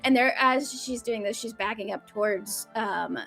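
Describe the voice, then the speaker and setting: A woman playing a tabletop role-playing game, talking through her character's plans in an animated way. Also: normal speed, creaky, faint music behind. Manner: animated, laughing, high-pitched character bits. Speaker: player.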